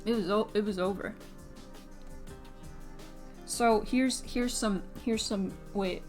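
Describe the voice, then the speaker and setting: A woman's voice: medium pitch, fairly even intonation, slow pace, darkish tone, faint music behind. A woman casually chatting on a live stream while drawing, scattered and chatty, swearing freely and laughing. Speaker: streaming artist.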